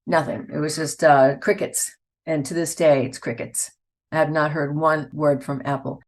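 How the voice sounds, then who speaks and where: Chatty older woman, low voice. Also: flat delivery, moderate pace. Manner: chatty, laughs often, storytelling. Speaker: voice actor guest. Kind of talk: casual interview chat.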